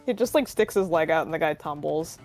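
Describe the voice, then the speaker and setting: A woman's voice: deep voice, animated, brisk, darkish tone, soft background music. A woman playing a tabletop game, giggly and swearing casually as she talks. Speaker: player.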